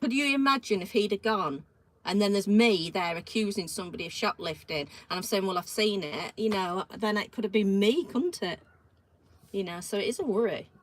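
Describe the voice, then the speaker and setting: A woman's voice: mid-range voice, brisk, no room sound, poor audio. A middle-aged woman chatting casually as co-host, telling a story and acting out the people in it. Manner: animated, acts out every voice in her stories.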